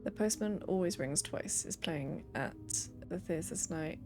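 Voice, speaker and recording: A woman's voice: on the low side, a little slow, music in the background. A young woman streaming a game, reading letters and notes aloud with playful asides.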